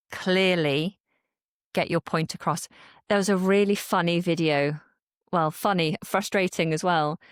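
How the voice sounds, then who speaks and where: A young adult woman from Manchester with a modern RP accent, speaking as a podcast guest and accent coach in a thoughtful, measured way. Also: lowish voice, smooth, dry recording, studio quality. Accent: modern RP English. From Manchester, England. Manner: thoughtful, measured, with small restarts. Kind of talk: podcast interview.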